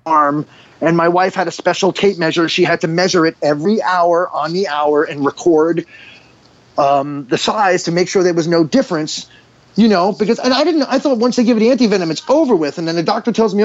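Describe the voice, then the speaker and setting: A man in his forties, a podcast guest, telling a story in a casual, animated way, full of "dude" and "like". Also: high voice, a little fast, lo-fi sound. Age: 40s. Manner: animated, heavy use of "dude" and "like".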